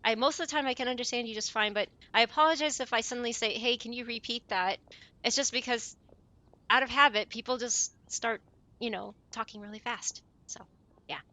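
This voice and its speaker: A woman's voice: on the high side, sharp tone. A woman streamer in casual voice chat with friends, chatty and apologetic, with a chirpy voice. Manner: chatty, apologetic, quick laughs.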